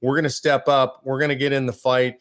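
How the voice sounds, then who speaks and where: A man's voice: mid-range voice, level tone, fairly quick, a bit bright. A man hosting a talk show, speaking with indignant, emphatic urgency as he rallies viewers to act. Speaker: show host. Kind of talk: impassioned call to action.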